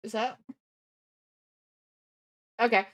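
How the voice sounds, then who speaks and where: A woman livestreamer chats casually while reacting to clips, rambling and thinking out loud. Her tone is fairly bright, and she draws out her words.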